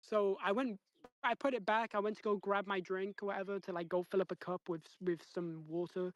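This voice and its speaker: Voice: medium pitch, brisk, dull audio. A speaker with a Northern English accent, chatting casually on a livestream and telling a story in a rambling way full of fillers. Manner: rambling, filler-heavy, animated retelling.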